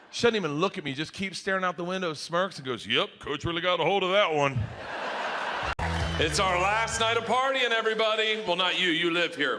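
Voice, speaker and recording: A man performing a stand-up comedy set on a live stage, telling stories loudly and acting out other people's voices. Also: fairly high pitch, slight background noise. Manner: loud, animated storytelling with acted-out voices.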